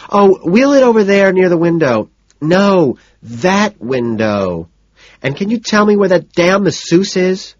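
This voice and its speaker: A man's voice: on the high side, very animated, takes it slowly, a little mellow, slightly rough, no echo, voice pushed up, full character voice. A man voicing a whiny, spoiled, anxious rich young woman in an audiobook, talking in a petulant, whining way. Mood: demanding. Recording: dull lo-fi recording.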